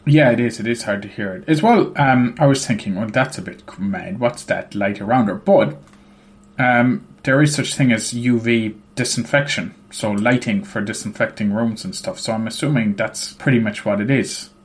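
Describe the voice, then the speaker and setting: A man's voice: medium pitch, normal speed. A man co-hosting a casual podcast, talking about a video game in a hesitant, explanatory way. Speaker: podcast co-host. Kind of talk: casual game discussion chat.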